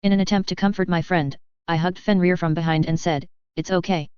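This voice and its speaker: A woman's voice: lowish voice, steady tone, quick pace, a little mellow, clear, resonant tone, dry recording. A woman narrating a fan story in the first person with a bubbly, playful manner. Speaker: audiobook narrator. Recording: dull dry lo-fi audio.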